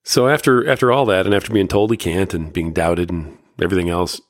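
A man with a deep, low voice talks loosely and conversationally, filling pauses with lots of fillers as he retells an old story. The sound is dry and close, with no room echo. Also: fairly even intonation. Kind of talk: casual talk retelling a Bible story.

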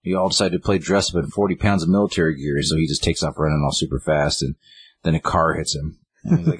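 Low husky man retelling a story. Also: quick pace, no room sound. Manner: animated retelling, acting out lines of dialogue in a raised voice. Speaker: co-host recapping a game story. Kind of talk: casual chat.

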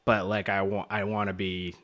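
Male guest, halting and filler-heavy, lower voice, relaxed chat. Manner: hesitant, many fillers. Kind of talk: casual chat.

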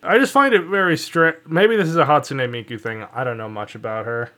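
A man's voice: medium pitch, fairly quick, a bit bright. A man co-hosting a comedy podcast, chatting casually and laughing often. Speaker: podcast co-host.

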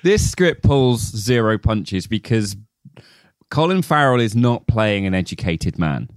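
A man's voice: on the low side, sing-song, a little slow, clean tone, no room sound. A young man co-hosting a podcast, breaking down a film in casual chat, laughing often and swearing freely. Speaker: podcast co-host.

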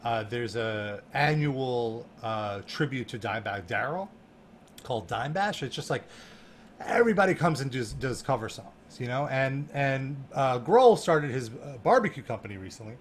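A man telling a story in a casual chat, animated and laughing, full of fillers and restarts. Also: mid-range voice, moderate pace, a little hiss or hum. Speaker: guest.

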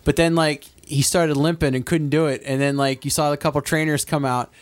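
A young man cohosts a casual sports podcast, rambling through a story with plenty of laughter and the odd swear word. His voice sits a little high for a man. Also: fairly even intonation, a little fast. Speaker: podcast co-host.

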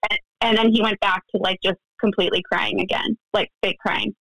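A woman's voice: mid-range voice, brisk, vocal fry, no echo, poor audio. A woman telling a personal story in a casual interview, acting out the lines of the people in it. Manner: animated, acts out quoted dialogue. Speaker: guest, friend recounting events.

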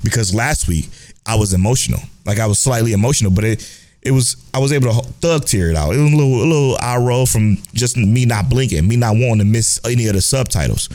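A young man co-hosting a casual podcast, animated and swearing freely as he chats. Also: mid-range voice, fast. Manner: animated, swearing, laughing, self-mocking. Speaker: podcast co-host. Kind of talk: casual chat.

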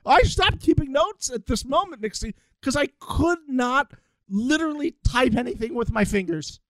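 Animated woman podcast co-host. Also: high voice, normal speed, no echo. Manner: animated storytelling, mimics people. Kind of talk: casual recap chat.

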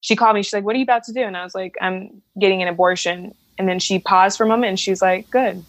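A woman's voice: mid-range voice, fairly even intonation, fast talker. A frank woman from the Chicago suburbs recounts a personal story to an interviewer. She swears freely and acts out the people she quotes, her voice sitting in a middle register. The recording is dry, with no room echo. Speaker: interview guest.

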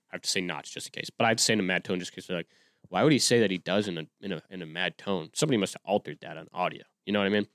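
This solo podcast host, a man in his twenties, has a lowish voice and talks casually, restarting often and using many fillers. The recording is dry and clean, with studio sound.

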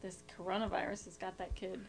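A woman's voice: fairly low pitch, little pitch movement, quick pace, vocal fry, crowd noise. A woman, a mother telling exasperated stories about her kids in casual chat.

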